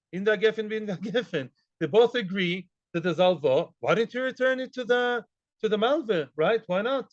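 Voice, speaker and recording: A man teaching a daily Talmud class in an animated way, quizzing students and acting out the people in the case. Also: high voice, dry recording. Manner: animated, acts out quoted voices, mixes Hebrew and Aramaic terms; asks students questions. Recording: dull, lo-fi recording.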